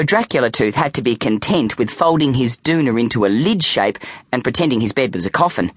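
Man, children's audiobook narrator, playful, very lively pitch, middle voice, dry close studio sound. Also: a little fast, dry recording. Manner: animated, playful storytelling.

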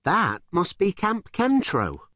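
A man doing a high female dinosaur crew member. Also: huge pitch swings, takes it slowly, pushed and bright, no echo, clean studio sound, exaggerated voice. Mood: brisk. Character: young female dinosaur astrosaur, brisk. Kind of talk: audiobook character voice.

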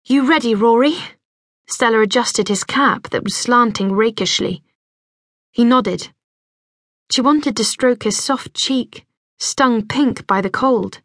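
Gentle woman audiobook narrator. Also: on the high side, dry recording, clean studio sound. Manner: measured, gentle storytelling. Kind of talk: scripted narration.

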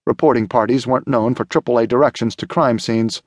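A man narrating a thriller audiobook in a steady, measured way. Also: medium pitch, no room sound, studio quality. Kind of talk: scripted narration.

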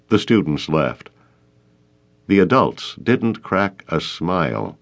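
A man narrating an audiobook of a short story with expressive storytelling. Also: extremely low pitch, takes it slowly, creaky. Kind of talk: scripted narration.

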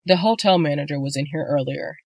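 A woman's voice: sits low, brisk, vocal fry, a little mellow, breathy edge, no echo, exaggerated voice. A woman voicing a cheating husband who stumbles over his words and pleads, in a dry audiobook reading. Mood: nervous. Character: cheating husband, nervous and apologetic.

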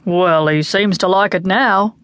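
A woman voicing an easygoing father in a children's storybook, pitching her voice a little lower. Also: a little slow, a bit bright, clear, resonant tone, no echo. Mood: mild. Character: easygoing dad of a young boy.

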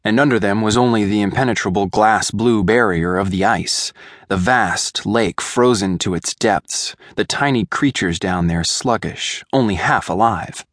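Deep-voiced man narrating an audiobook. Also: fairly bright tone, no echo, clean studio sound. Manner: measured, deliberate storytelling. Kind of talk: scripted narration.

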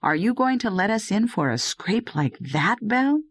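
A woman's voice: fairly low pitch, animated, moderate pace, no echo, natural voice. A woman voicing a rugged young male herb harvester who chides and coaxes his dog. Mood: anxious. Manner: earnest, chiding, talks to his dog. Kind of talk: audiobook dialogue reading.

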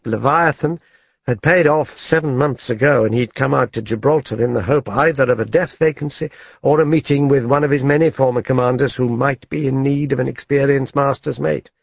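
A man reading an audiobook as narrator in a measured, even storytelling manner. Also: medium pitch, gravelly, no echo. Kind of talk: scripted narration. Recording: dull lo-fi dry studio audio.

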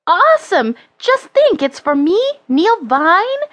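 A woman voicing an excitable nine-year-old boy who exclaims in amazement. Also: very high-pitched, takes it slowly, no room sound, voice pushed up, full character voice. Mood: thrilled.

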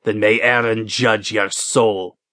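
A man's voice: fairly low pitch, fairly even intonation, slow pace, pushed and bright, no echo, clean studio sound. A man reading an audiobook voices a big, harsh executioner who speaks bluntly and snappishly. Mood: snapping.

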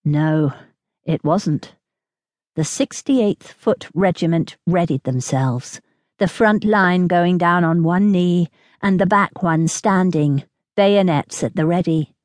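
A woman with a lowish voice narrates a historical romance audiobook in a steady, measured storytelling manner. She is recorded close in a studio with no echo.

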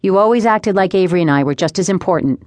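A woman reading the part of an earnest young man, an older brother, in a sincere, gently teasing way. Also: lowish voice, fast, no echo, natural voice. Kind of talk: audiobook character voice. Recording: dry close studio sound.

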